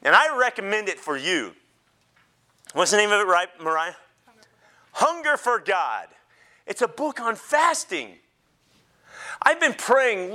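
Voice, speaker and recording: Bright high-voiced man preaching. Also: a little slow, pauses often. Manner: animated, jokes and laughs with the congregation. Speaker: pastor. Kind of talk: sermon.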